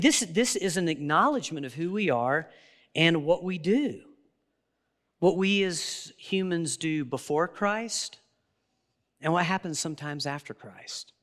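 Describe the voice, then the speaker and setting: A man's voice: high-pitched, a bit bright. A man preaching a sermon as pastor, earnest and conversational, often restarting his sentences. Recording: long reverb of a large hall.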